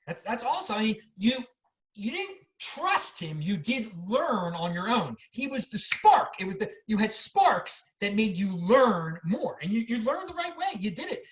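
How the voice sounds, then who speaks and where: A man hosting an energetic casual interview, talking in an emphatic, punchy way and repeating words for stress. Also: sits high, moderate pace. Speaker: host. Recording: echoey room.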